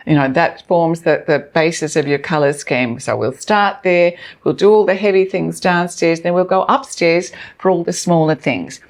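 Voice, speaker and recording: A woman from a relief organisation talking in an interview, a lively storyteller who laughs easily. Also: fairly low pitch, normal speed, few pauses. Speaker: emergency relief organisation representative. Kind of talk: conversational interview.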